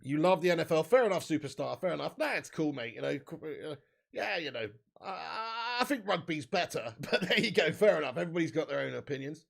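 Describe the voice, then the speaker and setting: A young man hosting a live football watch-along, bantering with the chat, swearing freely and shouting out on big chances. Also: a little high, sing-song, brisk, gravelly.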